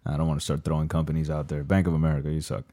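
A very deep, mellow-voiced man hosts the conversation. He muses out loud in a loose, conversational way and swears casually. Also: completely flat delivery, racing. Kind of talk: casual chat.

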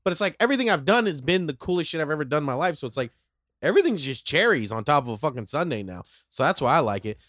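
A man, a guest on a podcast, chatting casually on a tour bus, excitable and enthusiastic, swearing. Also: fairly high pitch, very fast, dry recording, clean studio sound. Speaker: comedian guest. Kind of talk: casual chat.

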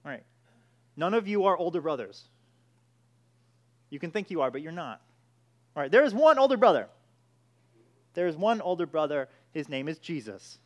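A man's voice: a little high, lively intonation, moderate pace, long pauses. A man preaching a sermon, emphatic, with frequent restarts and repeated "all right".

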